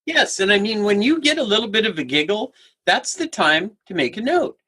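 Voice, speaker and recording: Guy spinning funny stories, bouncy pitch, bright but kinda husky, does little voices. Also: big pitch swings, fairly quick. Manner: acts out characters in stories, laughs while talking. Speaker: guest humor speaker. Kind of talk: animated storytelling conversation.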